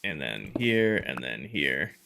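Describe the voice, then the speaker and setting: A man's voice: rumbling low, very animated, takes it slowly, vocal fry, pushed and bright, slight background noise. A man streaming a game live, chatting casually, thinking aloud as he sorts items and greeting viewers in chat.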